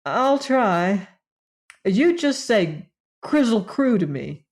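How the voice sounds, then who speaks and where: A woman's voice: mid-range voice, very animated, slow, darkish tone, voice pushed up. A woman voicing a boastful but harmless male beast in an audiobook, proud and easily offended. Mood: earnest. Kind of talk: audiobook character voice.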